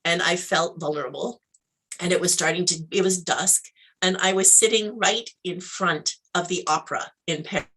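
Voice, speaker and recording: A woman, a guest in an interview, tells a personal story with animated acted-out dialogue. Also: on the low side, moderate pace, husky. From Canada. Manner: animated storyteller, acts out dialogue, laughs often.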